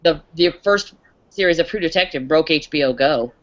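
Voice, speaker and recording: A woman's voice: low voice, fairly quick. A woman from Kansas with a Midwestern accent, chatting casually in a discussion group and trailing off mid-sentence. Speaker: podcast discussion group member. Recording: lo-fi call audio.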